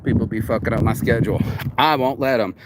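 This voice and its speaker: A man's voice: mid-range voice, fairly even intonation, fast talker, very noisy. A man giving a casual, rambling motivational talk outdoors in a yard, swearing freely as he goes. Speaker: vlogger.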